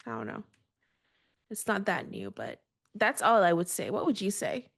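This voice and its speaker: A woman casually talking through a coding assistant demo, relaxed and thinking aloud. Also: medium pitch, moderate pace, creaky, no echo, studio quality. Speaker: developer demoing a coding assistant. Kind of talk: casual tech demo chat.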